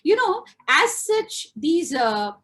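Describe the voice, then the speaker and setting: A woman's voice: high voice, sing-song, takes it slowly, a bit bright. A woman giving a webinar lecture, emphatic and teacherly.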